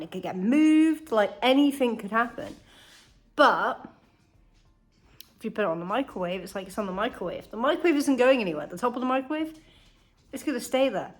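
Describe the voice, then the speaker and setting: A young woman talks to her camera in a loose, chatty vlog, speaking in a fairly high voice. She is in pain but keeps up a candid, animated running commentary, swearing freely as she goes. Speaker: vlogger. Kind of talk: casual vlog chat.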